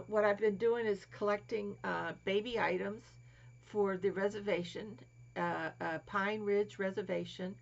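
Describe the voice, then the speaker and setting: A woman's voice: mid-range voice, vocal fry. A woman showing crafts in a casual vlog, cooing over little toys and often dropping to a whisper. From Florida. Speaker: crafting vlogger. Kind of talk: casual show-and-tell vlog. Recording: dull lo-fi home recording, faint hiss.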